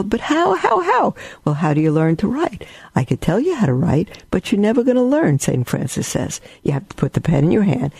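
A man's voice: medium pitch, creaky, slightly rough, no echo. A man giving a rambling spiritual talk, telling stories with asides. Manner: storytelling, warm and rambling with asides. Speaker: religious teacher.

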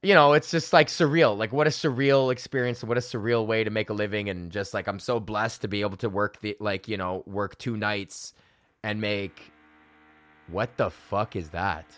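A man in his thirties, a comedian hosting his own podcast, tells a casual story packed with swearing from his home office. His voice sits on the low side at a moderate pace, and the dry, studio-quality recording catches him animatedly acting out the people he quotes in put-on voices.

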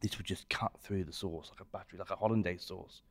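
A man explaining wine in a relaxed, descriptive way during a casual podcast chat. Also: sits low, fast talker. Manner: expansive, descriptive about wine. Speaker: wine expert guest.

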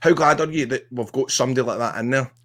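A man's voice: medium pitch, quick pace, a bit bright. A man with a Scottish accent, a podcast guest chatting casually, rambling and repeating his words with enthusiasm. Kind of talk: casual chat.

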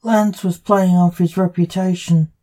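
Woman narrator, short story, calm, slow, mellow and low. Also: poor audio.

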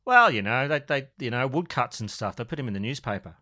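A man's voice: mid-range voice, expressive, fairly quick, sharp tone, no room sound. A man co-hosting a podcast remotely, trading dry, sweary jokes in casual banter. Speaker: podcast co-host. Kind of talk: casual chat.

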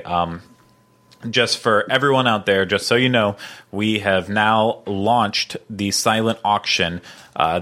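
A man's voice: low voice, a bit bright. A man hosting a podcast in casual chat, rambling with lots of fillers and playful banter. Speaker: podcast host.

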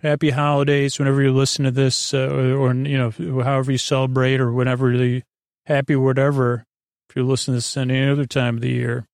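A man's voice: medium pitch, little pitch movement, fast, creaky, smooth, dry recording, clean studio sound. A man hosting a sleep podcast, recapping an episode in a meandering, laid-back way with lots of fillers. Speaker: podcast host.

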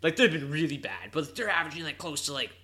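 Bright-voiced man talking hockey stats. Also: a little high, sing-song, fast talker. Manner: laid-back, analytical, joking. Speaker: podcast co-host. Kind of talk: casual chat.

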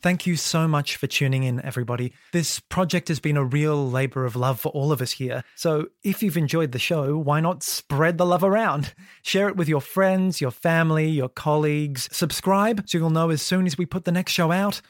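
A man, hosting a comedy podcast and reading its outro in a brisk, theatrical way. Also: fairly high pitch, no echo, clean studio sound. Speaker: podcast host. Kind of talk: scripted comedy sketch and outro.

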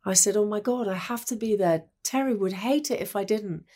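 An English woman broadcaster, appearing as a guest, reminisces in conversation and mimics the voices of the people she quotes. She speaks fairly quickly at a medium pitch, with a warm tone.

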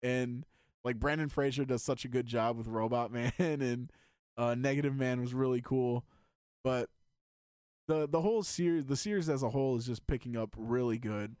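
A man chatting casually as a podcast host, excitedly rambling with lots of filler words. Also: medium pitch, normal speed, clear, resonant tone, dry recording, studio quality. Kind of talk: casual chat.

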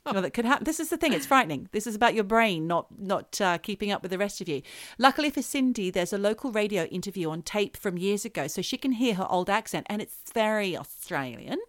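A woman's voice: medium pitch, animated, fast talker, hardly any pauses, a bit bright, no room sound, studio quality. A woman co-hosting a casual chat, recounting a case at length with some emphasis. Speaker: podcast co-host telling a story.

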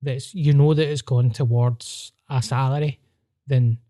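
A man's voice: mid-range voice, steady tone, unhurried, dark tone. A man with a Scottish accent, co-hosting a podcast in easygoing casual chat.

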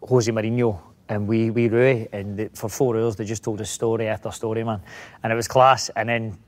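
A middle-aged Scottish actor, a guest in a casual interview, rambling through anecdotes with many restarts. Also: male voice, on the low side, flat delivery, fairly quick.

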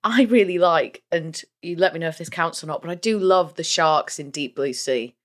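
A woman co-hosting a podcast, talking in a chatty, animated way with casual swearing. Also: on the low side, moderate pace. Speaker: podcast co-host.

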